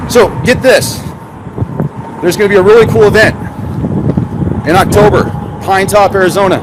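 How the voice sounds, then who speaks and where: A man's voice: high-pitched, heavy background noise. A man livestreaming from his car, rambling casually with sarcastic rhetorical questions. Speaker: conspiracy vlogger. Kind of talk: casual livestream chat while driving.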